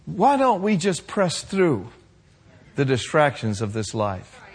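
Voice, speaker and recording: A man preaching a sermon to his congregation, building to shouted passages and calling for responses. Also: on the high side, very animated, takes it slowly, husky. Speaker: pastor.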